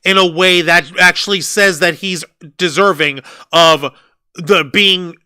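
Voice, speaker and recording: A man's voice: high voice, steady tone, a little slow, sharp tone, clear, resonant tone, no room sound. A man co-hosting a wrestling review podcast, ranting with profanity and sarcasm. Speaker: podcast co-host. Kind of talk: heated wrestling review chat.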